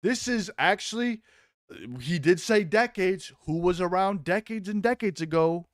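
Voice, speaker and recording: A man hosting a casual live-stream commentary, excitable and mocking, swearing freely. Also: high-pitched, a little slow, no echo, studio quality.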